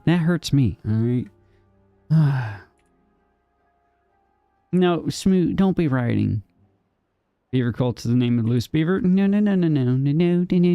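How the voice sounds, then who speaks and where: A man's voice: fairly high pitch, gravelly, no echo, clean studio sound. A man streaming a game live, joking playfully with his chat, answering viewers by name and laughing often.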